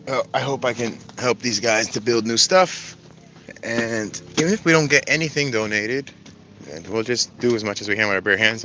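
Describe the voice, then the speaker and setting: A man's voice: medium pitch, moderate pace, pushed and bright, a little hiss or hum. A man chatting casually on a livestream outdoors, rambling with lots of fillers. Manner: rambling, filler-heavy talk. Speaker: vlogger livestreaming from a desert camp. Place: outdoors at a desert skate park camp.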